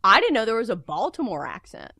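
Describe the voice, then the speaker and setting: A woman from the American South hosting a radio show, chatty and quick to laugh, with a runny nose. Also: fairly high pitch, sing-song, vocal fry, sharp tone, slightly rough, dry recording, studio quality. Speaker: radio host. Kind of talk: casual radio chat.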